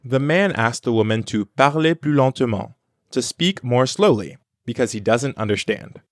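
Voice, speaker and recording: A man co-hosting a scripted language lesson, sounding out words carefully so learners can repeat them. His voice is dry and close, with no room around it, and sits at an ordinary middle pitch. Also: animated, moderate pace, dry recording. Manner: clear, careful modeling of pronunciation. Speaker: language teacher and co-host.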